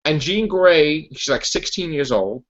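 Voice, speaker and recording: A man's voice: fairly high pitch, a little slow. Ranting man with stumbling restarts. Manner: animated, laughing, stumbling restarts. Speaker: podcast host. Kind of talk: casual comic-book rant. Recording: lo-fi, muffled.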